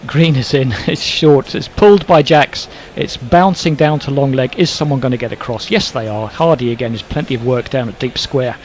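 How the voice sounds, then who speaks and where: A man's voice: medium pitch, slight background noise, low-quality recording. A man from Northern Ireland with a Northern Irish accent, commentating ball by ball on a cricket match and trading dry jokes between deliveries. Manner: brisk play-calling mixed with dry jokes. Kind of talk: live cricket commentary with banter.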